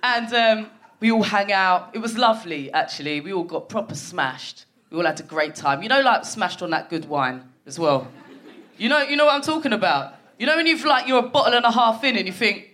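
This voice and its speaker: A woman in her forties performing a stand-up comedy set on a theatre stage, telling a story full of swearing and quick asides to the crowd. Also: mid-range voice, lively intonation, a bit bright. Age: 40s. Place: theatre stage before a live audience. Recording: noisy live theatre recording.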